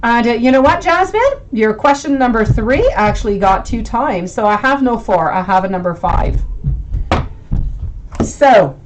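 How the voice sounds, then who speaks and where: Her voice is slightly high and expressive, with a measured pace and a little hiss or hum on the recording. She's a livestream host doing tarot readings, thinking aloud and fondly calling her viewers sweetie.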